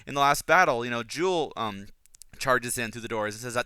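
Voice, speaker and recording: Eager guy rambling about books on his podcast, bright crisp voice, lots of restarts. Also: medium pitch, fairly quick, no room sound. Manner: enthusiastic, rambling, many restarts. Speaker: podcast host. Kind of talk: casual book and film analysis.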